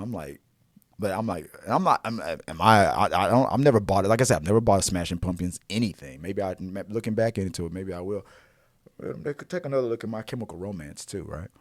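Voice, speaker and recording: A man hosting a movie talk show, chatting casually and swinging from hushed asides to loud exclamations, often restarting his sentences. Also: fairly low pitch, lively intonation, brisk, no echo, clean studio sound. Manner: frequent restarts and repeated words.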